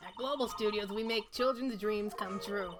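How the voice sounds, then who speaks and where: A woman's voice: medium pitch, normal speed, over music, natural voice. Woman doing a cranky old New York lady. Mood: reminiscing. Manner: gruff, scolding. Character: cranky nosy old woman security guard.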